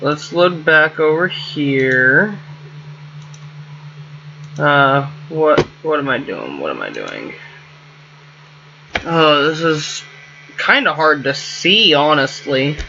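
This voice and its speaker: A man's voice: a little high, vocal fry, bright, forceful tone, highs cut off, a little hiss or hum. A man hosting a gameplay video, thinking aloud casually and musing to himself as his sentences trail off. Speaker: gameplay host.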